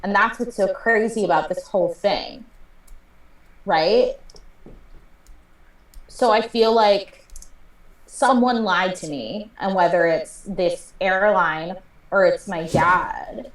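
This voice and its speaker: A woman's voice: mid-range voice, slow, long pauses, recorded from a distance. A young woman playing a character in a tabletop game, rambling with lots of fillers. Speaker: player. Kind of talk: in-character improvised role-play. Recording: roomy sound from off-mic.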